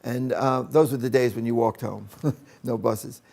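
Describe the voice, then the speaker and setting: An older man with a gravelly, creaky voice tells a personal story from his schooldays. He speaks like an educator at a mid pitch, in a loose, anecdotal style. He often stops to act out the people in the story. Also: fairly even intonation, measured pace, a little mellow. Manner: anecdotal, with acted-out quotes.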